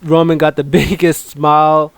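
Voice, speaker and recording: A man's voice: a little high, flat delivery, moderate pace, gravelly, clear, resonant tone, no room sound. A man casually recapping a wrestling show, rambling with many ums and uhs and joking along the way.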